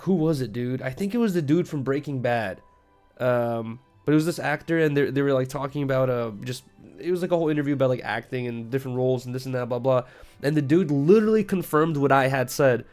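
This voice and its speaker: A man's voice: mid-range voice, fairly quick, a little mellow, faint music behind. A man with an American accent chatting casually on a late-night stream, rambling and swearing and laughing easily.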